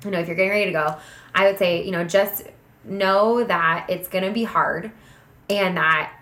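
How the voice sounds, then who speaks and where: A woman co-hosting a podcast in a casual, chatty way, full of fillers and quick asides. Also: lowish voice, echoey room. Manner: chatty, animated, many fillers. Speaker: podcast co-host. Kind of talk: casual chat.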